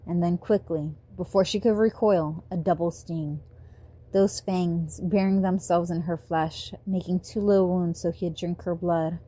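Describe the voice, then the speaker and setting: Woman narrator, amateur audiobook read on a phone, lowish mellow voice. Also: steady tone, a little slow.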